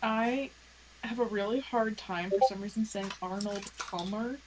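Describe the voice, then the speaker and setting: A woman's voice: mid-range voice, measured pace, slight background noise, low-quality recording. A woman with a New Jersey accent, chatting casually and laughing a lot with friends before a tabletop game. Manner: laughs a lot, playful and loud. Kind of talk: casual chat between game sessions.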